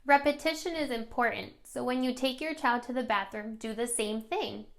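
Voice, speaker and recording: A woman presenting a scripted lesson for parents on modeling language for young children, coaching in a clear, gentle way. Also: a little high, moderate pace. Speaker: speech therapy presenter. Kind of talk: scripted instructional narration.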